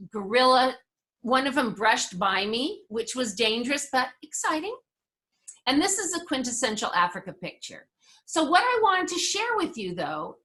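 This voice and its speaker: A woman with a bright, crisp voice leads a resilience workshop. She tells personal stories in an upbeat, conversational way as she talks a group through her slides. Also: on the high side.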